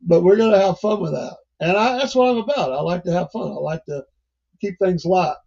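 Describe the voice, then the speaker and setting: A man's voice: high voice, animated, a little fast, creaky, warm tone, lo-fi sound. An older man hosting a livestream, talking in a rambling, folksy way and chuckling often. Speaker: livestream host. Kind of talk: casual livestream monologue.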